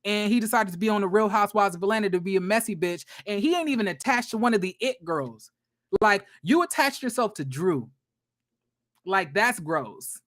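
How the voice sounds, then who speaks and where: A man giving a casual reality TV recap, with a blunt, profane and gossipy manner that is animated and quick to laugh. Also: high-pitched.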